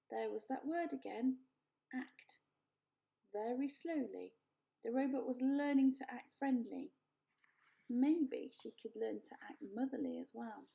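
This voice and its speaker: Woman storyteller, high but gravelly, mellow tone, gentle read-aloud pace. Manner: gentle, unhurried, laughs off her slips.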